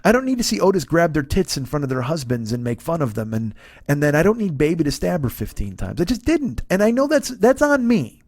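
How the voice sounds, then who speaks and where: A man's voice: fairly high pitch, big pitch swings, brisk, a little mellow, no room sound, studio quality. A middle-aged man hosting a podcast, ranting sarcastically about a movie with heavy swearing and acted-out lines. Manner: sarcastic, swears a lot, acts out characters' lines. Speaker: podcast host. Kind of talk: profane comedic movie rant.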